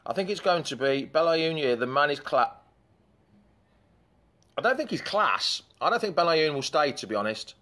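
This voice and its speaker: Lively man hosting a fan chat. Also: fairly high pitch, moderate pace, pauses often. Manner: chatty, rambling, breaks off to greet commenters. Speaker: fan show host. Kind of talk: live fan chat, reading viewer comments.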